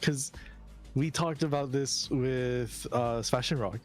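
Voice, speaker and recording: A man co-hosts a post-race chat and puts a question to the driver in a loose, easygoing way. His voice sits at an ordinary pitch, with faint music in the background. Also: unhurried. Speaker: co-host. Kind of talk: casual post-race interview.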